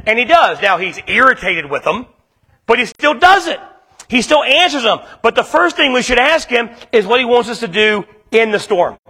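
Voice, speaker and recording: Male pastor, high bright voice, casual preaching with acted asides, long hall reverb. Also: sing-song, moderate pace, slightly rough. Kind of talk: sermon.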